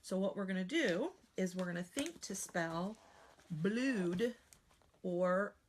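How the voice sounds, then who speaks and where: An American woman teaching spelling in a live online class. She talks in a chatty, animated way and sometimes slips into playful silly voices. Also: mid-range voice, moderate pace, a little hiss or hum. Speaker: spelling trainer.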